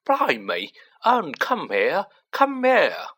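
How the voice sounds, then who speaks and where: A man doing a loud, gleeful young bus conductor. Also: high voice, wildly swooping pitch, normal speed, pitched above the performer's own voice, full character voice. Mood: excited.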